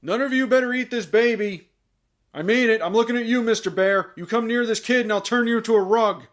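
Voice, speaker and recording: A man's voice: very high voice, brisk, faint music behind, pitched above the performer's own voice. A man putting on a hammy, boastful voice as a self-proclaimed forest god who makes threats. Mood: threatening. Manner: loud, hammy, mocking.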